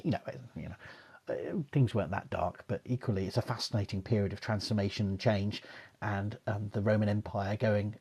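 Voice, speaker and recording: A middle-aged man hosts a casual live Q&A in a husky, breathy voice at an ordinary pitch. He rambles and swears, piles on "you know"s, and wanders into asides as he reads out viewers' questions. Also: darkish tone. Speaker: archaeologist host of a live Q&A. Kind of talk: casual live-stream Q&A chat.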